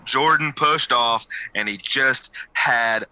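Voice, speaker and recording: A young man co-hosting a podcast, a basketball coach telling animated stories in a casual sports chat, with big jumps in pitch at the punchlines. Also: slow, smooth, no echo, low-quality recording.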